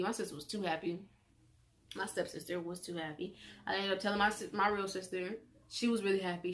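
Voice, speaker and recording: A teenage girl telling a personal story in a chatty vlog, animated as she quotes the people involved. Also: fairly low pitch. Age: teens. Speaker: vlogger.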